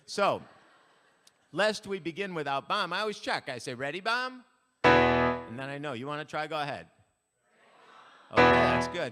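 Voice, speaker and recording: Male frontman, higher-pitched, playful deadpan stage patter, echoing church hall. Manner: playful deadpan jokes to the audience. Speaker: band frontman. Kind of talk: stage banter at a church concert. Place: church sanctuary. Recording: live in a church hall, reverberant, with instruments.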